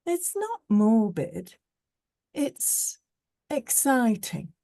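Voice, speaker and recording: A woman's voice: a little high, very animated, extremely slow, gravelly, mellow, no echo, studio quality, pitched above the performer's own voice, exaggerated voice. A woman voicing a teasing young woman. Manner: playful, mocking.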